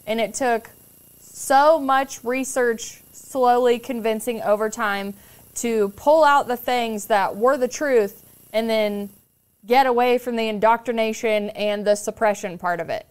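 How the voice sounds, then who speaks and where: A woman's voice: fairly high pitch, unhurried, clear, resonant tone. A young woman telling stories as a podcast guest, candid and casual, swearing freely and acting out other people's voices. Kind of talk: casual storytelling chat.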